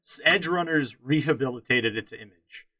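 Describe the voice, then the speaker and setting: A man's voice: medium pitch, moderate pace, sharp tone, no room sound, low-quality recording. A man co-hosting a casual podcast, chatting about games with strong opinions and frequent restarts. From central Pennsylvania. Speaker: podcast co-host.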